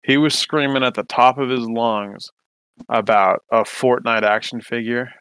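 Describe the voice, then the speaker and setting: A man's voice: medium pitch, fairly even intonation, a little slow, fairly bright tone, smooth, dry recording. A man co-hosting a casual podcast, rambling through crude stories with constant swearing. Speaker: podcast co-host.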